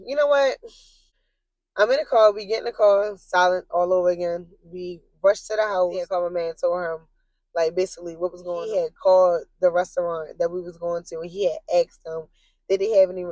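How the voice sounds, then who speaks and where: A young woman telling a casual, profane storytime to her viewers, animated, rising into shrill yelling as she relives her anger. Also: no echo, lo-fi sound. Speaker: vlogger.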